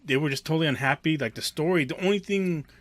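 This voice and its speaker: A man's voice: a little high, fast talker, no room sound. A man co-hosting a podcast in casual chat, blunt and crude, often dropping in short agreements. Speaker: podcast co-host.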